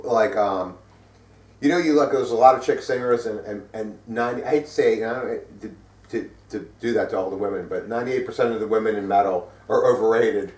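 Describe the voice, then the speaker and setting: A man's voice: lowish voice, fairly quick, a little mellow. A middle-aged man co-hosting a casual heavy metal news chat, rambling and profane with many fillers. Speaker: co-host. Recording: roomy sound from a distant mic.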